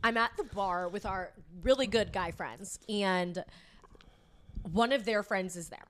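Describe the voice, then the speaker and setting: A young woman co-hosting a podcast, telling a story in a lively, casual chat, laughing and swearing freely. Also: medium pitch, measured pace, slight background noise. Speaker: podcast co-host.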